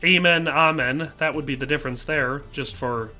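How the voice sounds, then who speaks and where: Playing a game live, a middle-aged Midwestern man with a matching accent chats casually, reads out the chat, and uses plenty of fillers. His mid-range voice is pushed and bright, a little fast, with fairly even intonation. Faint music sits behind him.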